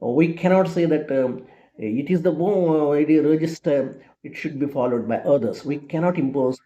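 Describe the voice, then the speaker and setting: A Telugu-speaking man from India lectures in English with a clear Indian accent, his voice a touch high but mellow and soft-edged. He speaks in a halting, measured way, filling pauses with ums and restarting phrases. The recording sounds dull and lo-fi. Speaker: English teacher. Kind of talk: unscripted explanatory lecture.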